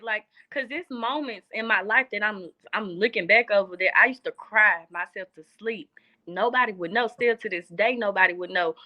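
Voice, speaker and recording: Here a young guest with a Southern US accent talks earnestly in casual conversation, often repeating phrases to stress a point. She has a medium-pitched voice, and the recording sounds dull.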